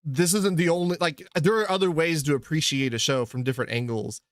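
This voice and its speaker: A man's voice: a little high, fairly quick, no echo, studio quality. A man hosting a podcast in casual chat, laid-back and full of fillers, swearing now and then. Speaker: podcast host.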